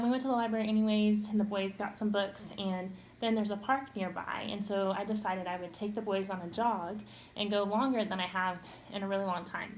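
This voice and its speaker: A woman's voice: mid-range voice, slight background noise. A young woman talking casually to camera about parenting, chatty and full of little ums and restarts. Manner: chatty, with frequent ums and self-corrections. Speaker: parenting vlogger.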